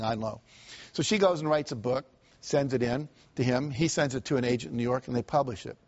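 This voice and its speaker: A man's voice: mid-range voice, darkish tone, highs cut off. Man giving a motivational seminar talk. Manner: storytelling, acts out quoted voices; asks the audience questions. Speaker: motivational speaker.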